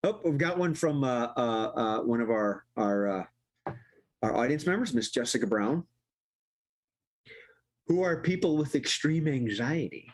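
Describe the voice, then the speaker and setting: A man's voice: medium pitch, lively intonation, unhurried, pauses often, poor audio. A man hosting an improv comedy show, chatty, laughing often and tripping over his words.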